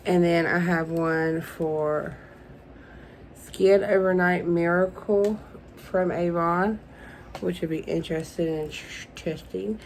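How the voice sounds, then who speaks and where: A woman's voice: lowish voice, steady tone, slow, slight background noise, poor audio. A young woman unboxing beauty products in a casual vlog, gushing and emotional and calling her viewers "y'all". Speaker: beauty vlogger.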